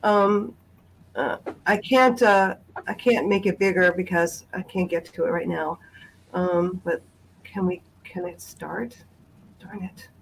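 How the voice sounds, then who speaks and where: A woman speaking as a guest on a video call, sharing a personal account in a halting way with many pauses and restarts. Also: on the low side, steady tone, gravelly, slight background noise, low-quality recording. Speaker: guest sharing a family memory.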